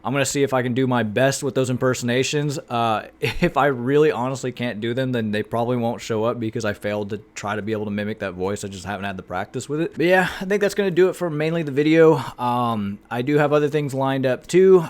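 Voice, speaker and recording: A man with an American accent, talking casually to camera as a YouTuber, rambling and chatty with many fillers. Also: medium pitch. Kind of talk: casual vlog talk to camera.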